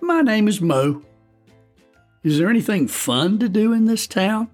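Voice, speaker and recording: A man voicing a calm, friendly, capable young kid in a storybook, speaking in an easygoing, modest way. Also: sits high, measured pace, soft background music, voice pushed up.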